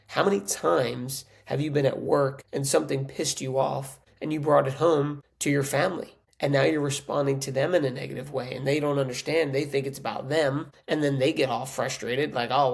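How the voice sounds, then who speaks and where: A man's voice: a little high, vocal fry. A man hosting a podcast, talking earnestly and conversationally as a coach, often checking in with "right?". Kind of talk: casual motivational monologue.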